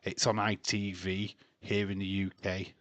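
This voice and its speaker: A man hosts a live wrestling watch-along stream, giving casual, chatty commentary, laughing often and reading and teasing his chat. His voice sits low with little pitch movement, a measured pace and a fairly bright tone, with no echo.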